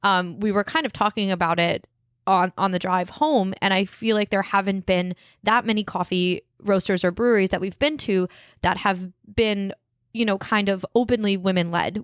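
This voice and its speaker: Smooth-voiced woman, upbeat podcast co-host. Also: mid-range voice, dry recording, studio quality. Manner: upbeat, clear explaining, easily excited. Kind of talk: casual podcast chat.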